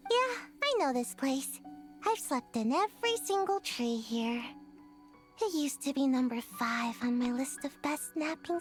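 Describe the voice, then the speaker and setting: A woman's voice: a little high, natural voice. A woman voicing a lazy, cheeky young ninja girl with a drowsy, laid-back manner, in a video game. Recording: game audio with music behind.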